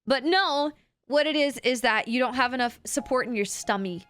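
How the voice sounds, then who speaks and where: A woman streamer giving a casual, rambling voice acting lesson to her chat, often dropping her voice low to demonstrate. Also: normal speed, fairly bright tone, soft background music.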